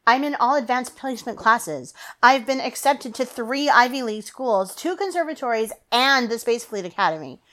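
A woman voicing a restless, quick-tongued teenage girl in a story reading. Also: fairly high pitch, expressive, fairly bright tone, voice pushed up. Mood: grumbling.

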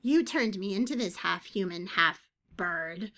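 A woman voicing a cheeky half-human, half-bird woman with a gravelly, rasping voice and a needling, whiny manner. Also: medium pitch, lively intonation, measured pace, bright, forceful tone.

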